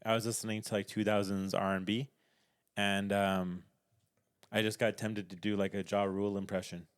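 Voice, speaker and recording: A man's voice: lowish voice, level tone, normal speed, clear, resonant tone. A man co-hosting a podcast in casual chat, hesitant and self-conscious, restarting his sentences often. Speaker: podcast co-host.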